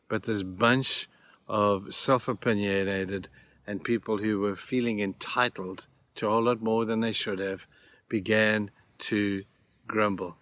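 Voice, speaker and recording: A man with a lowish, somewhat bright voice gives a short devotional talk, recorded dry. He recounts scripture stories plainly and earnestly in everyday language, leaning on repeated key phrases.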